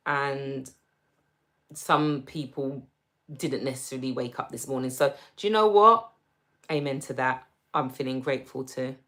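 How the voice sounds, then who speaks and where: A woman with a London accent hosting a casual livestream, reading viewer comments aloud and answering them gently and reassuringly. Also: extremely low pitch, measured pace. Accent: London English. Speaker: livestream host.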